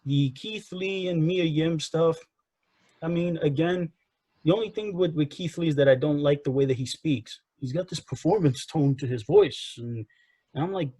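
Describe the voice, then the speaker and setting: A man's voice: on the high side, moderate pace, dark tone, slightly rough, no echo. A man co-hosting a casual wrestling review podcast, rambling and repeating himself as he gives his opinions. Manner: rambling, repeats himself, frequent "you know" and "again". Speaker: podcast co-host.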